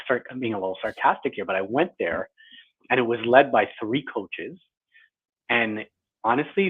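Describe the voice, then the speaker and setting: Over a tinny line that sounds like a phone, a male author in his forties reflects on his career as an interview guest, often poking a little fun at himself. He speaks in a fairly low, husky voice.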